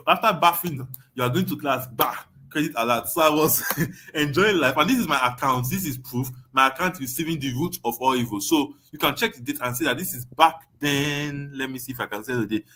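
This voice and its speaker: A man's voice: medium pitch, pushed and bright. A young adult Nigerian man teaching an online webinar, emphatic, repeating his points and often asking "you understand?". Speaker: online course tutor.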